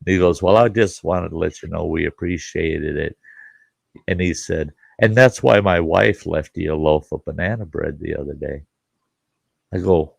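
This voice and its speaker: A middle-aged man who hosts both a campground and a show chats casually, telling a homespun story, performing each side of a conversation and dropping casual swears. He speaks low at normal speed, creaky and slightly rough, in a dry recording.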